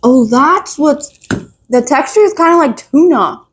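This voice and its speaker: A giggly, easygoing woman chatting on a podcast while eating, pitched a bit high with a bouncy, lively swing. She coaxes her co-host along in a relaxed way. Faint clicking sounds come through behind her. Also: a little slow, a little hiss or hum. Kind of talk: casual chat while eating.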